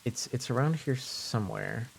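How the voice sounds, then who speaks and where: A man's voice: medium pitch, wildly swooping pitch, moderate pace, gravelly, slight background noise. A man from French Canada streaming live, chatting casually and jokingly with his viewers, rambling and often repeating himself.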